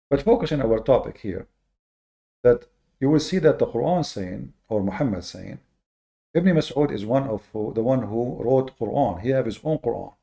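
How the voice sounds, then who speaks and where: This host speaks in a mid-range, gravelly voice, dark and mellow, giving a monologue in lecture style. He lands heavily on key words with slow deliberation, though he stumbles through fillers and repeats himself.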